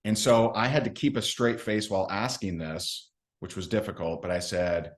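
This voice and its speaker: Brief: male sales trainer with a lowish voice, casual storyteller who jokes about himself. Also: fairly even intonation, normal speed. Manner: chatty, self-mocking, acts out quotes. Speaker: network marketing trainer.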